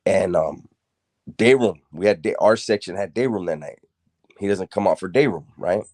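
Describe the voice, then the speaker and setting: Deep-voiced blunt streetwise man. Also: expressive, moderate pace, a little mellow, no echo, studio quality. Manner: rambling and streetwise, many fillers and restarts, blunt swearing. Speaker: storyteller. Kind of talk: casual storytelling monologue.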